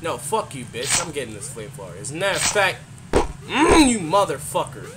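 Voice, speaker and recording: A young man giving loud, profane commentary while playing a video game, yelling at enemies. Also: a little high, very animated, fairly quick. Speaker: gaming YouTuber. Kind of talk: gameplay commentary. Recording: loud background game noise.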